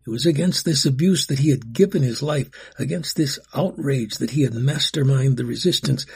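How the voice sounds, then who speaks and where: A man's voice: medium pitch, creaky, darkish tone, slightly rough. A man reading a storybook aloud in a dramatic way, often dropping to a whisper. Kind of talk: storybook narration.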